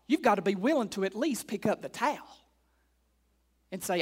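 A man with a rather high-pitched voice preaches to his congregation in church. He repeats his main points and asks the room question after question. His delivery moves between quiet, conversational asides and loud, emphatic calls. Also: lively intonation, a little slow, slightly rough. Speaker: pastor. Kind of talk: sermon.

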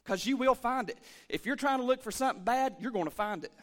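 Pastor guy preaching to his church, real high voice, call and response, gets loud then quiet. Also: fast. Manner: call-and-response preaching, swings from shouting to hushed. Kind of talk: energetic church sermon. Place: church sanctuary.

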